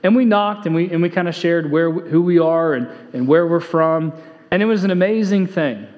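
A man's voice: fairly high pitch, moderate pace. A male pastor preaching a sermon, earnest, repeating key phrases for emphasis and telling stories in a conversational way. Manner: conversational storytelling with fillers. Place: church sanctuary. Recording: long hall reverb, dull lo-fi sound.

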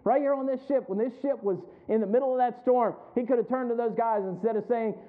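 Man, pastor, sermon, high voice, emphatic questions to congregation, tinny phone-like recording. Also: fast, few pauses. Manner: preaches with rising, emphatic calls and questions to the congregation.

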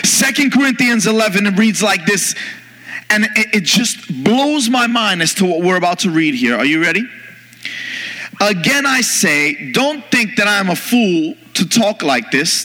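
High-voiced preaching man in a hall. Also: sharp tone. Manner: preaching with rising pitch and emphatic slow lines. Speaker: pastor. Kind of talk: sermon. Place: church sanctuary. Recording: long reverb of a large hall.

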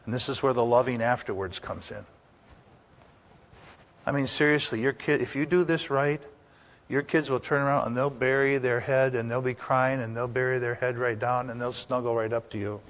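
A man's voice: medium pitch, steady tone, moderate pace. An older man, a pastor, preaching a sermon in a folksy, anecdotal way, asking the congregation rhetorical questions.

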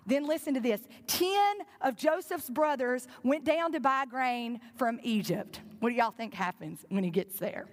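A woman's voice: fairly high pitch, lively intonation, measured pace, hardly any pauses. A woman preaching a sermon, retelling a story with earnest directness and asking her congregation questions. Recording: long reverb in a large hall.

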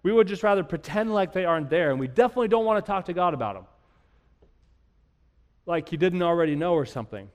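A man's voice: sits high, lively intonation, fast, long pauses, long reverb tail. A man preaching a sermon as a pastor, earnest and conversational, pushing up into emphatic rises when he voices cries of grief.

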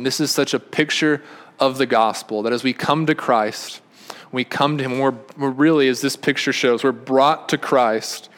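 A man preaching a sermon in a mid-pitched voice. He is earnest and circles back over his phrases, building to emphatic, louder peaks before dropping to hushed, intimate lines. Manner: earnest, repeats and restarts phrases, rises to emphatic peaks then drops quiet. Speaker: pastor.

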